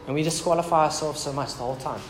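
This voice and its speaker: A man's voice: a little high, racing. A man preaching a casual, joking sermon in a church hall. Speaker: pastor. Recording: echoey church hall with background noise.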